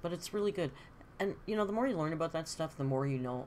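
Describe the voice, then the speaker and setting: A woman's voice: deep voice, animated, quick pace, a little mellow, slight background noise. A middle-aged woman hosting a live stream, chatting candidly and answering comments from her viewers. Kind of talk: casual live-stream chat.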